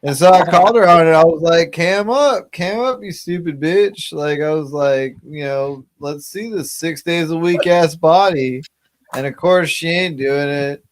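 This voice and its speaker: A man guesting on a crude live stream, abrasive, boastful and insulting. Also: a little high.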